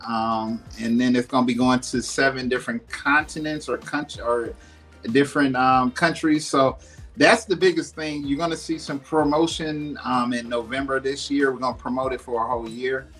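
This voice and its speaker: A man who is a music producer, a guest on a podcast, talking in a loose, relaxed way with lots of casual fillers. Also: mid-range voice, moderate pace. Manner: relaxed, loose, full of fillers like "you know what I mean". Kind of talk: casual interview chat.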